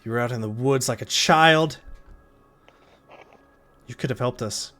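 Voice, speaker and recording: A man's voice: medium pitch, measured pace, sharp tone, faint music behind. A man, the game master, voicing a grieving mother who reproaches her son. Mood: reproachful.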